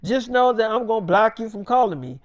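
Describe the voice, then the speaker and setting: Guy doing a defiant young woman rapper, cussing, pitched up, dry mic. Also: animated, no room sound. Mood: scornful. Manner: fast cursing slang, heated. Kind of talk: freestyle storytelling.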